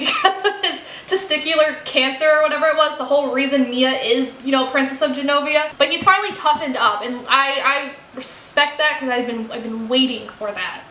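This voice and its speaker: A woman's voice: high-pitched, bright, forceful tone, roomy sound, slight background noise. A woman from the United States chatting candidly in a casual book review vlog, with frequent "like" and "you know.". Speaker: book vlogger.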